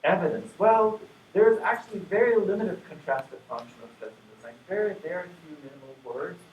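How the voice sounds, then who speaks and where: A man giving an academic conference lecture, explaining in a relaxed, conversational way with dry asides. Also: sits high, fairly quick, lo-fi sound. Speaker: conference plenary speaker. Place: lecture room. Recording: echoey room from far off, faint hum.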